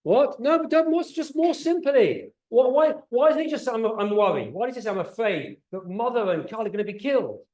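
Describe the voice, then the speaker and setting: Animated rabbi in an echoey room. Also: male voice, extremely high pitch, brisk, few pauses. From England. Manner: animated, asks the audience questions, repeats words when excited. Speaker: rabbi teaching a Torah class. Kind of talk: lively teaching talk to a group. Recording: roomy echo.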